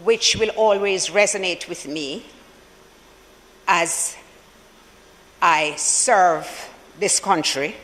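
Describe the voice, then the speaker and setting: A senator with a Jamaican accent giving a formal tribute speech for the opposition in parliament, measured and solemn, with deliberate pauses. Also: mid-range voice, a bit bright, long reverb tail, low-quality recording. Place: senate chamber.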